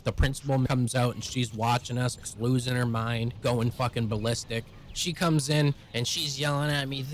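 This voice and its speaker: A young man telling a personal story in blunt, profane, rapid-fire language. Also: medium pitch, steady tone, a little hiss or hum. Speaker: vlogger.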